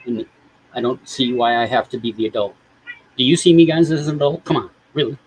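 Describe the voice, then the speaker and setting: A man talking loosely on a live stream, his voice sitting at an ordinary middle pitch with a husky, slightly breathy edge. He rambles from thought to thought and swears often, in an offhand, unguarded way. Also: a little fast, low-quality recording. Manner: rambling and profane. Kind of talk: casual live stream chat.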